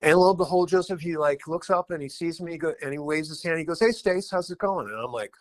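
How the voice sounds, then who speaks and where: A middle-aged man, a rock guitarist guesting on a podcast, telling animated anecdotes and acting out quotes. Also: fairly high pitch, quick pace. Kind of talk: casual storytelling interview.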